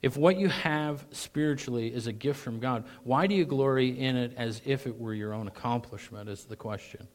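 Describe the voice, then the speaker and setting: A middle-aged male pastor preaching a sermon, animated, his voice rising sharply when he mocks with sarcasm, often clearing his throat. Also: medium pitch, normal speed, few pauses.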